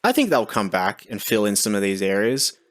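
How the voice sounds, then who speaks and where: A man's voice: lowish voice, big pitch swings, a little fast. A man from Australia with an Australian accent, chatting casually on a livestream in a rambling, laid-back way with lots of fillers. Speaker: streamer.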